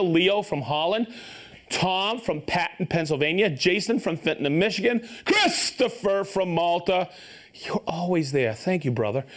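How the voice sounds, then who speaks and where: A man hosting a live stream, upbeat and joking as he reads out viewers' names and hometowns and stumbles over some of them. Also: sits high. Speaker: host of a live tool show.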